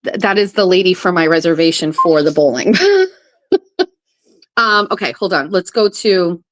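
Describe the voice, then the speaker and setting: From her kitchen table, a woman chats casually on a live stream at a moderate pace in a fairly low voice. She's excitable and swears, laughing and gasping a lot.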